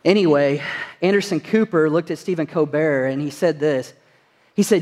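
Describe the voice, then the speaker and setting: A man's voice: a little high, moderate pace, darkish tone, long reverb tail. A man preaching a sermon as pastor, earnest and full of rhetorical questions to the congregation. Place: church sanctuary.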